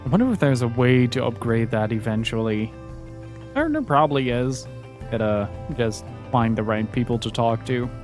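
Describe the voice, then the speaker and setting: A man chatting casually through a game stream, dry and wry in his remarks. His voice sits at an ordinary middle pitch, with faint music under it. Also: moderate pace. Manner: relaxed, wry running commentary. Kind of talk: casual gameplay commentary.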